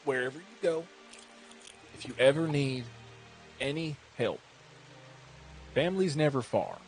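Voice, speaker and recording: A man voicing a kindly uncle who calmly reassures his niece. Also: medium pitch, unhurried, faint music behind, lightly acted, rough recording. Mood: reassuring. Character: kindly protective uncle, family elder.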